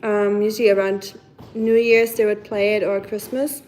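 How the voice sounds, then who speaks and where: A woman's voice: mid-range voice, flat delivery, moderate pace, a little mellow. A woman from Germany, chatting casually with viewers on her livestream and answering their comments. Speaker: livestream host. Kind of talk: casual live chat with viewers.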